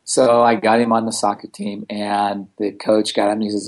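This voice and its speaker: A man telling stories in a relaxed interview, blunt and animated, with a casual, profane way of talking. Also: on the low side, moderate pace, hardly any pauses. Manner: blunt, animated, swears freely. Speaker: guest, founder of a self-help organization. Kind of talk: casual storytelling in conversation.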